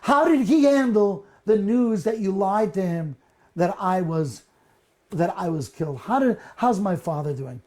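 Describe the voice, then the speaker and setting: A man's voice: high-pitched, lively intonation, measured pace, warm tone. A man voicing Joseph as a grown man who reveals himself to his brothers and forgives them, speaking earnestly. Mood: emotional.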